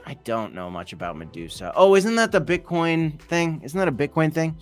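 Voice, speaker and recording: A man's voice: on the high side, sing-song, moderate pace, few pauses, clear, resonant tone, soft background music. A man hosting a casual livestream, reading chat comments aloud in a loose, jokey, rambling way. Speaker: host of a crypto livestream.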